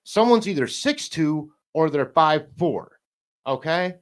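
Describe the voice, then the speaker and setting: A podcast guest with a fairly high, animated voice talks casually, rambling and halting through many restarts. Now and then he swears and laughs.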